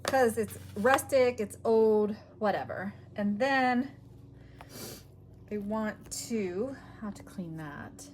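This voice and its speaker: Working through a crafting video, a woman thinks aloud and mutters half to herself, trailing off as she goes. Her voice is mid-range and slow, and the commentary is casual. A little hiss or hum sits in the recording.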